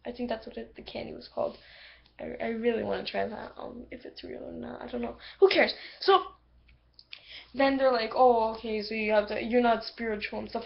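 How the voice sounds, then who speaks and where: Woman, high-pitched, gravelly fry, rambling casual review, excitable, muffled lo-fi computer mic. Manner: rambling, filler-heavy, excitable. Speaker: video reviewer. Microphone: computer microphone.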